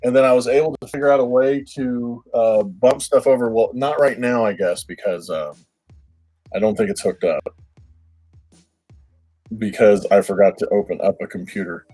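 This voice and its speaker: Husky-voiced man rambling on a livestream. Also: fairly low pitch, moderate pace, mellow, faint music behind, low-quality recording. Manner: rambling, repeats words, laughs often. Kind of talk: casual livestream chat with viewers.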